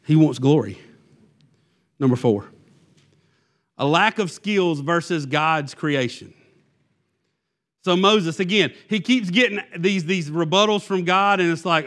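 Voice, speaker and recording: A man's voice: fairly high pitch, animated, a little slow, pauses often, a bit bright. A man preaching a sermon in a loose, conversational way, full of fillers and restarts. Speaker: pastor.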